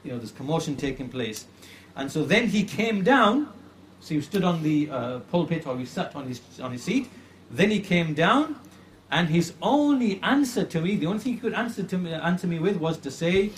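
A man's voice: fairly high pitch, sing-song, slight background noise. Earnest male religious lecturer. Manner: earnest, repeats phrases for emphasis, slows to stress points. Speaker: Islamic creed teacher. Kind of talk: religious lecture retelling a classical story.

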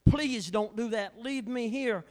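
Cringing male demon, slow whining pleas, high voice, a man doing it mid-sermon. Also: big-room sound. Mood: pleading.

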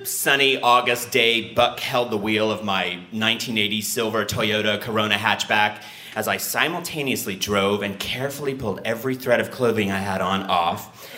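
A young man telling a funny personal story live, acting out his own panicked thoughts in sudden high bursts. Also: moderate pace, sharp tone, reverberant.

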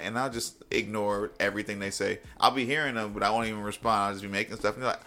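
A young man, a music producer, talks as a guest in a casual interview. He tells animated stories and often mimics other people's lines in a raised voice. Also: lowish voice, fast, hardly any pauses.

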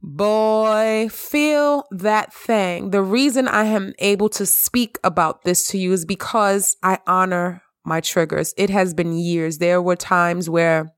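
A woman hosting a heartfelt solo podcast monologue at home. She speaks with passion and stresses her words, repeating her phrases and climbing high when she reassures herself. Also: steady tone, measured pace, few pauses, no echo, studio quality. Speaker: podcast host. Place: at home in the evening.

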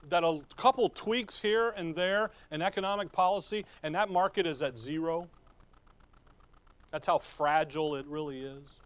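A man's voice: on the high side, moderate pace, fairly bright tone. A man preaching a folksy sermon, asking the congregation questions and chuckling as he goes. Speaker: pastor.

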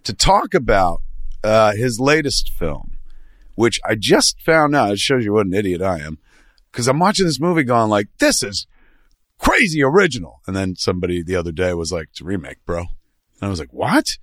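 A man's voice: lowish voice, expressive, fairly quick, a bit bright, no room sound, clean studio sound. A man hosting a casual film talk show, rambling loosely with lots of fillers and asides. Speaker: podcast host.

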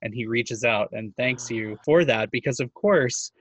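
A man's voice: mid-range voice, measured pace, fairly bright tone, slightly rough, no echo. A male radio host thanking a guest on live radio, chatty and rambling into a comment.

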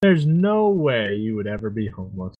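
A man co-hosting a casual podcast, easygoing and quick with a joke. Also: on the low side, very animated, no room sound, narrow, tinny audio. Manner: easygoing, joking. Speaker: podcast co-host. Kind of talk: casual chat.

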